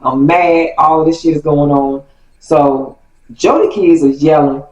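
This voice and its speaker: A woman telling a family story in a casual storytime vlog, animated and laughing, often correcting herself. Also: deep voice, measured pace, lo-fi sound. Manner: animated, self-correcting, laughing as she tells it. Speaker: storytime vlogger. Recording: roomy echo, voice far from mic.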